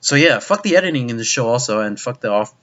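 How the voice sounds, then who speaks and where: A man's voice: mid-range voice, animated, quick pace, fairly bright tone. A young man delivering a profane, exasperated video review rant, with frequent restarts. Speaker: anime reviewer. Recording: dull lo-fi recording.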